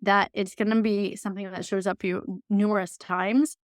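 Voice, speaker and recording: A woman's voice: mid-range voice, level tone, a little fast, no room sound, studio quality. A woman guest on a podcast, explaining ideas in an earnest, encouraging way. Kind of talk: casual conversation.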